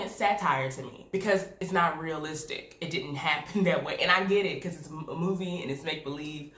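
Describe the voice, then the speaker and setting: A woman giving casual reaction commentary, candid and animated, laughing often. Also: sits low. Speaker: video reviewer. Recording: echoey room with faint noise.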